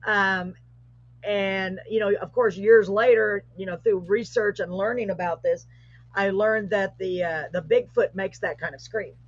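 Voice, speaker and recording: Woman, middle-aged, husky voice, animated spooky storytelling, muffled lo-fi stream audio. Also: medium pitch, unhurried. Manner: animated, breathless storytelling with rising excitement. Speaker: host. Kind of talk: casual storytelling, paranormal tale.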